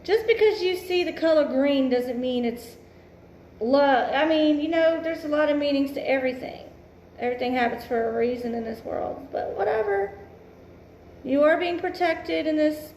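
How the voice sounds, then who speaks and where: A woman's voice: high voice, normal speed, a little mellow, roomy sound, slight background noise. A woman giving a casual tarot reading, blunt and emphatic, swearing freely and musing aloud. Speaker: tarot reader.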